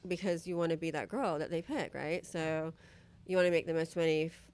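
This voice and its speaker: Low-voiced chatty woman telling candid stories. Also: fairly quick. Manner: chatty, full of "like" and "you know what I mean"; animated, voices other people in quotes. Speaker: podcast guest. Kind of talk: casual chat, candid storytelling.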